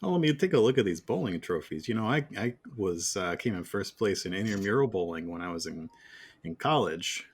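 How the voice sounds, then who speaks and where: A man's voice: sits low, expressive, brisk, slightly rough. A man playing a tabletop role-playing game, explaining the rules and speaking in character in a dry, matter-of-fact way. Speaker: player.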